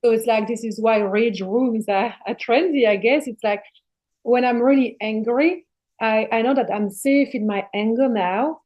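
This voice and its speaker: A middle-aged woman sits in as a podcast guest, her voice sitting a touch high. She talks in a casual, spiritual way and presses hard on her points, swearing freely as she goes. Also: moderate pace, darkish tone, highs cut off. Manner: emphatic, passionate, swears freely.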